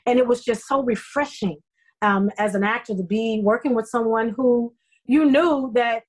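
A middle-aged actress speaking as an interview guest, telling her story in an effusive, emotional way with lively quoted asides. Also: fairly high pitch, moderate pace, rough recording. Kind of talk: conversational interview.

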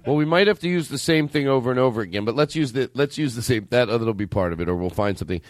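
A man hosting a loose comedy podcast, his pitch jumping all over as he rambles excitedly and laughs. His voice sits at a middle pitch, and he chats casually. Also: quick pace, no room sound, clean studio sound. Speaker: podcast host. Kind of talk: casual chat.

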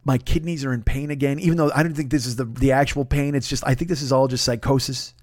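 A man's voice: mid-range voice, fast talker, dry recording, clean studio sound. Profane man telling a comic story. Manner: profane, animated, swings between hushed retelling and loud exasperation. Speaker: comedian storyteller. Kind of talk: casual comedic storytelling.

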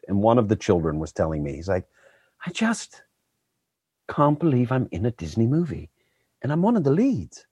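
A man's voice: low voice, no room sound. A man in his fifties, a guest actor chatting casually on a podcast, rambling with self-deprecating asides. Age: 50s.

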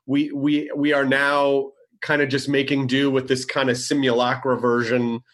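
A man's voice: medium pitch, monotone, normal speed, a bit bright. A man in casual conversation, talking in a rambling, hesitant way with many restarts.

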